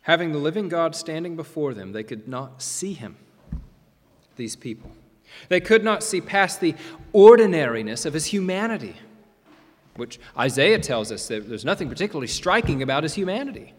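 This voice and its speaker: Animated male preacher in a reverberant hall. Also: fairly high pitch. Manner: emphatic, rising and falling delivery with dramatic pauses. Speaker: pastor. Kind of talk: sermon. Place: church sanctuary. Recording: long reverb of a large hall.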